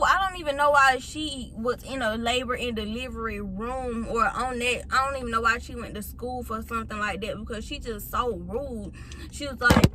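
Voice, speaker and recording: A young woman in her late teens, a vlogger chatting straight to her viewers through a phone mic as she retells a long personal story with lively feeling. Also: on the high side, normal speed, a little hiss or hum. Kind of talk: casual storytime.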